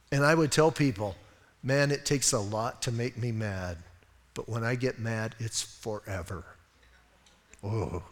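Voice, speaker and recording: A man's voice: medium pitch, in a large hall. A man preaching a sermon as pastor, conversational and self-deprecating, telling funny stories about himself. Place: church sanctuary.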